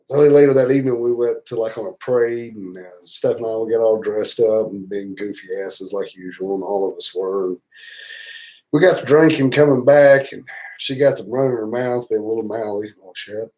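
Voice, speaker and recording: A man's voice: lowish voice, brisk, warm tone, low-quality recording. A man with a Southern US accent, hosting a livestream and spinning rambling, profane, teasing stories in a casual way. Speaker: motorcycle travel channel host.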